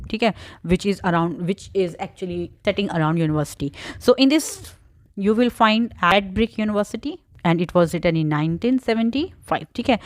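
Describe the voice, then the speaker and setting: A woman's voice: lowish voice, darkish tone, no echo. A woman with an Indian English accent giving an exam revision lecture, explaining step by step, slipping into Hindi and checking "okay?" often. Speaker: exam prep teacher.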